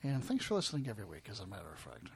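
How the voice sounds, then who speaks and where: A man's voice: fairly low pitch, wildly swooping pitch, racing, creaky. A man hosting a radio show, joking in profane, laid-back banter. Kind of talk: casual podcast banter.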